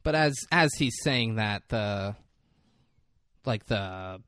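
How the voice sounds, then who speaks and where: Brief: casual male podcast co-host, animated, swears often, dry mic. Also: lowish voice, slow pace, no room sound. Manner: excitable, swears a lot. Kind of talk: casual chat.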